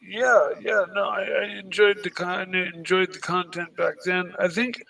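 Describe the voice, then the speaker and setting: A man on a livestream panel, talking in a hesitant, halting way. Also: sits high, fairly even intonation, creaky, pushed and bright, recorded from a distance. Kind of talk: casual chat.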